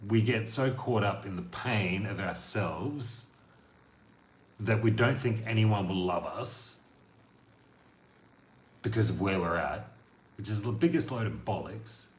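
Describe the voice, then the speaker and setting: A man delivering a blunt, profane motivational monologue as a coach, veering from loud outbursts to quiet talk. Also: lowish voice, animated, measured pace, pauses often. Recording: echoey room with faint noise.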